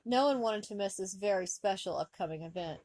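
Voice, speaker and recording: A woman reading fan fiction aloud, with expressive comic narration. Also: medium pitch, fairly quick, no room sound. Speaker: story reader.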